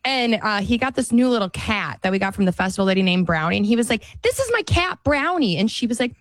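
A woman co-hosting a radio show from a studio, telling a story in an animated, laughing way. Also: medium pitch, fast, no echo. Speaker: radio co-host. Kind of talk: casual on-air storytelling.

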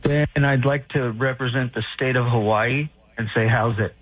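A man's voice: mid-range voice, steady tone, normal speed, no echo. A man calling into a sports radio show, talking hesitantly with lots of fillers. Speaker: caller. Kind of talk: call-in radio talk. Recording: phone line.

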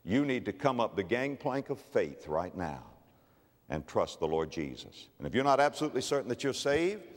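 A man preaching an impassioned sermon, swinging between loud appeals and hushed words. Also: mid-range voice, very animated, normal speed. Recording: echoey hall, long reverb.

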